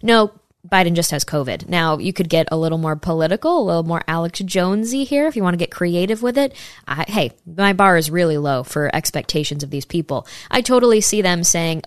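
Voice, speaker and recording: A woman's voice: lowish voice, animated, fairly quick, clean tone, no room sound, studio quality. A woman hosting opinionated political commentary, sarcastic and incredulous, reading passages from articles aloud.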